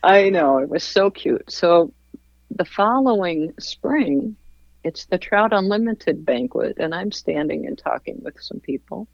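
Woman spinning a fishing story, slow and kinda low, dull dry sound. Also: animated, vocal fry, dry recording. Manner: slow, warm anecdote-telling with voiced quotes and laughs. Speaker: guest. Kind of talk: storytelling in a casual interview.

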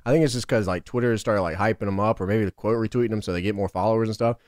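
A man's voice: on the low side, racing, darkish tone, dry recording, studio quality. A man co-hosting a podcast, talking in loose, profane, laughing banter. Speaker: podcast co-host. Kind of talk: casual podcast chat.

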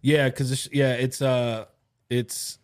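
A young man talks in a laid-back, easygoing way on a casual podcast. He fills his sentences with "like" and swears freely. His voice sits at a plain middle pitch. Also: little pitch movement, slow, clean tone. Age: young adult. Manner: laid-back, lots of filler words, swears. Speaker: podcast co-host and new stand-up comedian. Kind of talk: casual chat.

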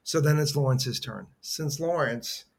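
Actor guest, male, lively casual storyteller, mid-pitched. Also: a little slow, creaky, husky.

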